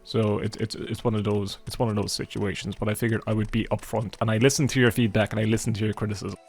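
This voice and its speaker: A man's voice: lowish voice, flat delivery, fast talker, gravelly, breathy edge. A man with an Irish accent giving rambling, chatty let's-play commentary as a gaming YouTuber, swearing casually as he plays.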